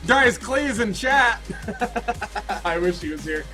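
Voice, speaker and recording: A man in his thirties telling a story to his Twitch chat, rambling and excitable with lots of restarts. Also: sits high, a little slow, faint music behind, low-quality recording. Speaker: Twitch streamer. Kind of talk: casual storytelling to stream chat.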